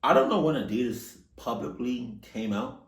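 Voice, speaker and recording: A man reacting to a video with loud, profane outbursts and low muttered asides. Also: big pitch swings, normal speed, roomy sound. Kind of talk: casual reaction commentary.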